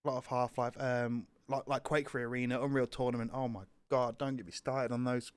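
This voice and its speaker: A man's voice: medium pitch, little pitch movement, fairly quick, clear, resonant tone, no echo. A young British man co-hosting a casual podcast chat, telling rambling stories with fillers and swearing. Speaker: podcast co-host.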